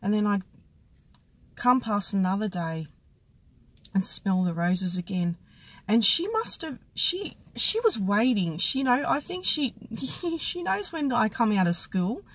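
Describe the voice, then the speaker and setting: A woman psychic medium telling a personal story to camera, reflective and halting, with many restarts. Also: mid-range voice, very animated, low-quality recording.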